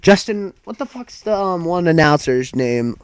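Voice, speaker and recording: A man's voice: a little high, animated, moderate pace, clear, resonant tone, no room sound, low-quality recording. A man co-hosting a casual talk show, recapping matches in a loose, rambling way, full of fillers and offhand swearing. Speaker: co-host of a wrestling talk show. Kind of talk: casual chat recapping a wrestling broadcast.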